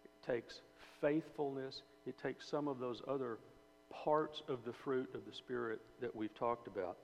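A man's voice: mid-range voice, unhurried. A man preaching a sermon in a conversational way, asking his listeners questions and often repeating and restarting phrases. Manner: conversational, asks the audience, repeats words and restarts. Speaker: preacher or Bible teacher. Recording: dull hall recording with faint hum.

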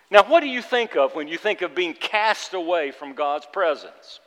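Emphatic preacher in a reverberant hall. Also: male voice, on the high side, expressive, unhurried, few pauses, a bit bright. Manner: earnest, emphatic preaching with repeated phrases. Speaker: pastor. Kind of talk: sermon.

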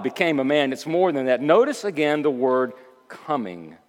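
A male pastor preaching a sermon, moving between quiet reflective asides and loud emphatic declarations, repeating key phrases for emphasis. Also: medium pitch, sing-song, moderate pace, in a large hall.

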